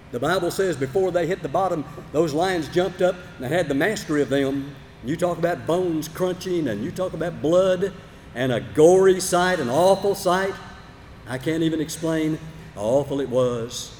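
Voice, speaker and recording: A man preaching a sermon, telling a Bible story dramatically, moving from loud emphatic bursts to low, quiet asides. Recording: long hall reverb, faint background noise.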